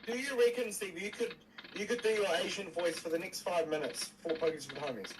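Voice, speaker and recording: A man's voice: high-pitched, brisk. A man off camera asking the host questions in a casual, prompting way. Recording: distant voice with audible noise.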